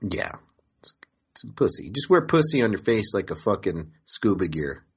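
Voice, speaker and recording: A man's voice: low voice, sing-song, normal speed, lo-fi sound, slight background noise. A man hosting a podcast in a casual, profane, joking way, rambling between topics. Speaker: podcast host.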